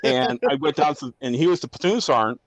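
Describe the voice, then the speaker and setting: A man talks quickly and bluntly, swearing often as he tells an army veteran's stories. The recording is very dry and close, with no room sound. It comes across as a relaxed podcast chat with rapid delivery. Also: medium pitch, no echo. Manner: profane, blunt storytelling. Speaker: army veteran and former drill sergeant.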